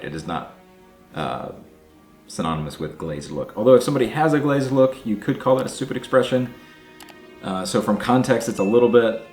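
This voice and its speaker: A man's voice: deep voice, a little mellow. A man hosting a casual language-learning vlog, explaining in a chatty way and thinking aloud as he works through words. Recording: echoey room with faint music.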